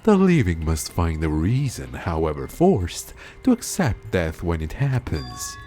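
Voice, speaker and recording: A man voices an eerie young male anthropologist from a game. He speaks slowly and solemnly, with a calm, unsettling tone and lively rises and falls in pitch. Faint game music plays behind him. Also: full character voice. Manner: slow, solemn reading of game dialogue.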